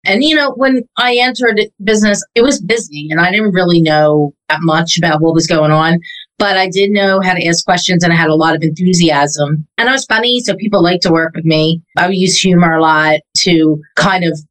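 Woman realtor guest, chatty, rattles off question lists fast. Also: on the low side, fairly bright tone, rough recording. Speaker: real estate agent, guest. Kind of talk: casual interview talk.

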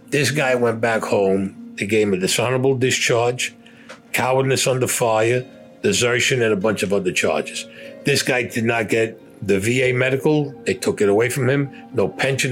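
A man bluntly recounting a war story in rough, profane, casual speech. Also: mid-range voice, moderate pace, fairly bright tone, faint music behind. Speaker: veteran storyteller.

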